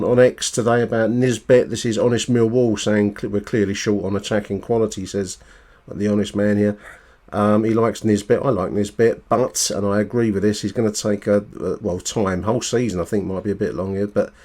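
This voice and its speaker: A man's voice: fairly low pitch, fairly even intonation, fairly quick, a little mellow. A man hosting a fan podcast, chatting casually and rambling as he responds to listener voicemails. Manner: chatty, rambling with fillers and restarts. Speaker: podcast host.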